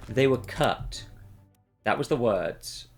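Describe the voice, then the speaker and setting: A man's voice: mid-range voice, expressive, takes it slowly, soft background music. A young man streaming a game, thinking aloud and muttering, with frequent swearing as he puzzles out clues. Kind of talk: thinking aloud while playing.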